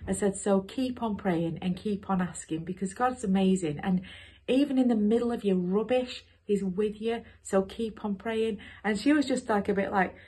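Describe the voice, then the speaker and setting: A woman sharing a personal testimony in church, telling the story in a lively way. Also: medium pitch, moderate pace, breathy edge. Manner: animated storyteller with lively quoted voices.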